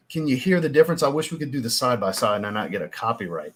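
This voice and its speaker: A husky-voiced man talks straight to his livestream audience. His pitch sits in an ordinary middle range, and he rambles in a casual, chatty way that turns theatrical when he gets worked up. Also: very animated, rapid-fire, few pauses, fairly bright tone. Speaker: fragrance reviewer hosting a livestream.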